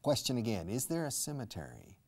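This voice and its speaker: A man teaching English to Spanish speakers in a relaxed lesson, talking slowly, repeating words and asking the learners questions. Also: medium pitch. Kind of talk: casual language lesson.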